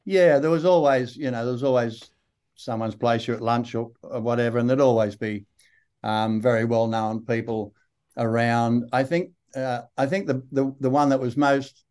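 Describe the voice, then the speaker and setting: An older Australian man with a broad accent, a guest actor telling unhurried, rambling stories in an interview. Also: medium pitch, fairly even intonation, darkish tone, smooth. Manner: unhurried, rambling storyteller with many fillers. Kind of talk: relaxed interview anecdotes.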